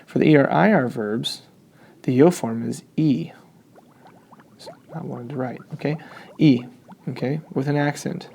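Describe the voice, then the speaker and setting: A man's voice: medium pitch, unhurried, gravelly, long pauses, a little mellow, slightly rough. A man teaching a Spanish grammar lesson, explaining step by step and checking in often.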